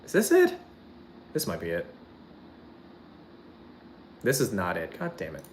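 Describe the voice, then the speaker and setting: A streamer talking loosely to their chat, voice swinging widely up and down in pitch. They ramble from one half-finished thought to the next, swearing freely and leaning on "like" constantly. The delivery is casual and unscripted. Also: huge pitch swings, unhurried, pauses often, darkish tone. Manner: rambling, swears often, heavy use of "like"; laughs while describing a clip.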